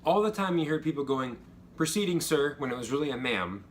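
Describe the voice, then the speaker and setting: A young man telling stories and giving casual advice about basic training, acting out the instructors' yelling. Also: medium pitch, quick pace, slight background noise. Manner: animated, acts out drill instructors' yells. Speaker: vlogger, former Air Force trainee.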